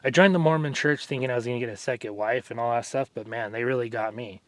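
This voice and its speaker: A man's voice: medium pitch, quick pace, no room sound. A man vlogging casually during an arm workout, telling stories in a rambling way, full of fillers. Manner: rambling, filler-heavy storytelling. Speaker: fitness vlogger.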